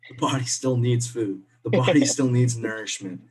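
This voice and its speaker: A man's voice: mid-range voice, unhurried, a little mellow, husky. A man co-hosting a podcast in a casual, upbeat, chatty way. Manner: chatty, upbeat, drifts into laughs. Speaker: podcast co-host. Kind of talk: casual chat.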